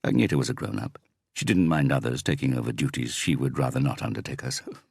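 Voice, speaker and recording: A man voicing a wealthy, evasive property investor in an audiobook, with a croaky, slightly wobbly voice and a defensive, dismissive way of talking. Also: rumbling low, fast, no room sound, clean studio sound, exaggerated voice. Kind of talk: audiobook character reading.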